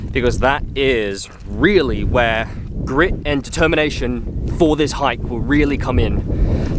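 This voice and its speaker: Background noise accompanies a hiker vlogger with a mid-range voice as he chats cheerfully to his handheld camera along a coastal trail. His casual travel-vlog talk is heavy with fillers.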